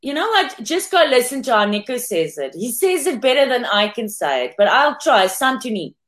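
A chatty woman from South Africa talks casually as a podcast guest over a video call. Her voice sits fairly high and swings widely in pitch. She laughs easily and often stumbles into restarts. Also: sing-song, moderate pace, a bit bright. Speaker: guest, former contestant.

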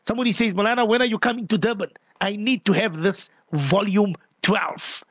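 Brief: high-voiced South African male radio host, lively, dry close studio sound. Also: fairly quick, breathy edge, dry recording. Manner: animated, exclaiming and reading out listener messages. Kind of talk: radio call-in show hosting.

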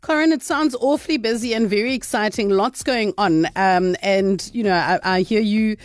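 A woman's voice: medium pitch, moderate pace, no echo, studio quality. A woman co-hosting breakfast radio, playful and teasing. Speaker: radio co-host.

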